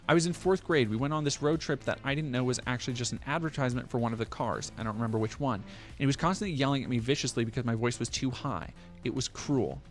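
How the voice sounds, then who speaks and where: Man reading news with sarcastic asides. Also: medium pitch. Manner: reads aloud, then breaks off with profane, sarcastic asides. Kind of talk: casual commentary on a news article.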